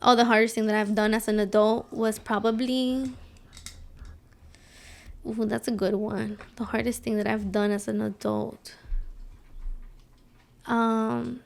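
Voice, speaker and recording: Chatty woman with a gravelly edge. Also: fairly high pitch, unhurried, long pauses. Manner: animated storyteller acting out quoted voices. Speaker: podcast co-host. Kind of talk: casual chat.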